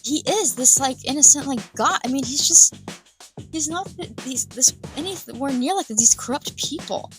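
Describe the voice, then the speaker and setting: A young woman vlogger giving indignant, sarcastic reaction commentary, sometimes drawing words out slowly for emphasis. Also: high-pitched, expressive, music in the background. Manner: pauses to over-stress words slowly.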